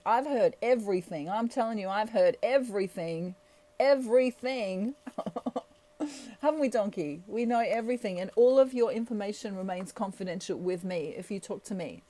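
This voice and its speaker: A woman with a medium-pitched, dark-toned voice chats playfully through a tarot reading. It's a casual monologue, and she laughs often as she talks.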